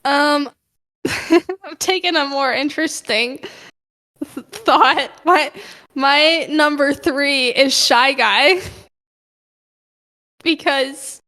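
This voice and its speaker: A woman's voice: high-pitched, extremely slow, pauses often, pushed and bright. A young woman co-hosting a podcast in casual chat, playful and teasing, often restarting her sentences. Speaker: podcast co-host.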